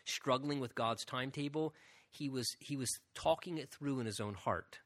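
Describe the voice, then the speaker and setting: A man's voice: mid-range voice, normal speed, a bit bright. A man preaching a sermon as a pastor, speaking earnestly and often repeating "again" and asking "right?".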